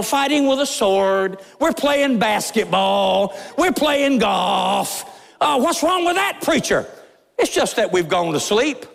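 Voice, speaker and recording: A man's voice: sits high, gravelly. A pastor preaching a sermon in a church, fiery and emphatic, pressing his points with rising intensity. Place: church sanctuary. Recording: long reverb of a large church hall.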